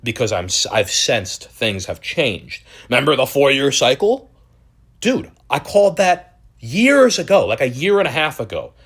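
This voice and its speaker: A man's voice: medium pitch, big pitch swings, measured pace, fairly bright tone, slightly rough. A young man hosting a crypto channel, ranting in a profane, exasperated and mocking way. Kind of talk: ranting video commentary.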